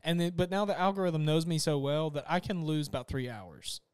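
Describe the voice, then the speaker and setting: A man's voice: fairly high pitch, a little fast, clean tone, no echo. A man co-hosting a comedy podcast, rambling and correcting himself as he chats casually into a close mic. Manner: rambling, self-correcting, acts out jokes in voices. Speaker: podcast co-host. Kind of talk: casual chat.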